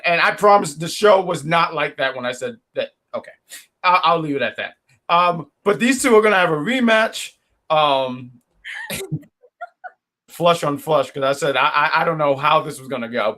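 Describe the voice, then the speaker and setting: On a home mic, a wrestling review co-host speaks fairly quickly in a bright, forceful voice on the high side. In the casual podcast chat he cracks jokes and embraces the heel role with playful trash talk.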